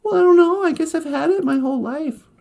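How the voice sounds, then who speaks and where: A woman's voice: extremely high pitch, fairly quick, creaky, warm tone. A woman voicing a small, shy male teddy bear who talks in a plaintive, wondering way in a told story. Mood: puzzled.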